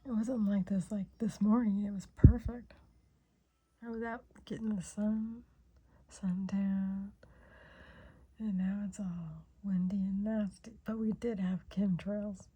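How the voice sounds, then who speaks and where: Hushed breathy woman cooing at kittens. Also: mid-range voice, steady tone, slow. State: coughing and sneezing. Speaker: vlogger. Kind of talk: casual vlog commentary. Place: home backyard, outdoors.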